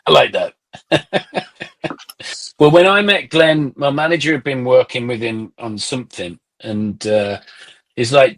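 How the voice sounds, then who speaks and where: Middle-aged male guest, chatty anecdotal storyteller, stumbles and restarts, mid-pitched voice. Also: measured pace, fairly bright tone. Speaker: podcast guest, musician. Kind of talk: casual conversation.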